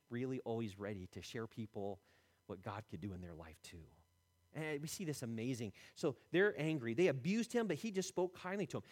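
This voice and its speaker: Animated preacher in a reverberant hall. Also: male voice. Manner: animated, acts out quotes with shifting pitch and loudness. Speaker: pastor. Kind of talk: sermon.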